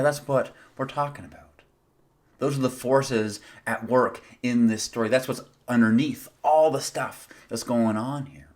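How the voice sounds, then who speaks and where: A man preaching a sermon as pastor, earnest, asking the congregation rhetorical questions and repeating phrases for emphasis. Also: fairly low pitch.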